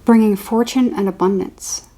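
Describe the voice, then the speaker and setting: A woman's voice: medium pitch, steady tone, moderate pace, dark tone. A woman giving an intuitive horoscope reading, rambling and repeating words as she channels impressions. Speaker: tarot reader.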